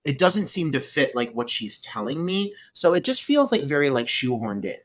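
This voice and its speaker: A man co-hosting a podcast, chatting casually about a film, animated and swearing freely as he lays out his gripes. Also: a little high, moderate pace, no room sound. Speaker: podcast co-host. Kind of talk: casual film review chat.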